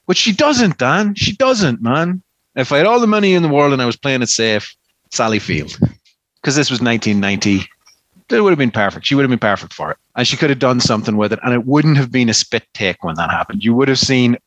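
A man's voice: medium pitch, lively intonation, fairly quick, fairly bright tone, no room sound. A man in casual film chat, rambling with frequent restarts and swearing. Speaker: podcast co-host.

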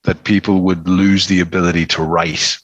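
A man's voice: low voice, little pitch movement, moderate pace, no room sound, highs cut off. Guy rambling about movies, lots of restarts and swearing, dry close sound. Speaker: podcast co-host. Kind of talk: casual film chat.

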